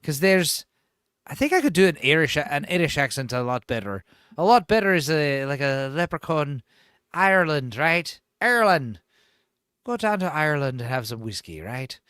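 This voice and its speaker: A man hosts a casual livestream, rambling through his points with plenty of fillers. His voice is fairly high and bright, and it swoops around a lot. The sound is dry and close. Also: normal speed, smooth, no room sound. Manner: rambling, animated, many fillers. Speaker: host.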